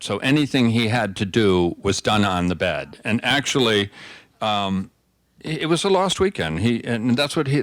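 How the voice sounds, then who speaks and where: A man's voice: on the low side, no room sound. An older man telling stories as a guest speaker, chatty and conversational, often restarting his sentences. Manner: conversational storyteller, frequent restarts. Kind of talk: anecdotal talk.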